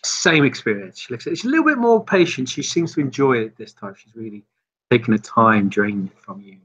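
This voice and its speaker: A man's voice: mid-range voice, sing-song, fairly quick, fairly bright tone, breathy edge, dull audio. A man narrating as game master, rambling loosely with many fillers.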